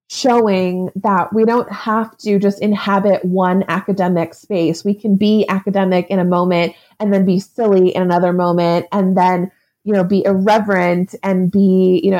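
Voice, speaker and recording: A woman's voice: mid-range voice, a little mellow. Chatty, reflective woman author being interviewed. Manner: chatty and reflective, many likes and ums; laughs often. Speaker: author and guest. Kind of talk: interview answer.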